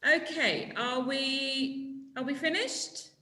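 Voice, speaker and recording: A woman running a legal English lesson with a bright, forceful voice. She speaks slowly and prompts the class to finish each sentence, and the room has a noticeable echo. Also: high voice. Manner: prompting students to fill in words, brisk and encouraging. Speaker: English teacher.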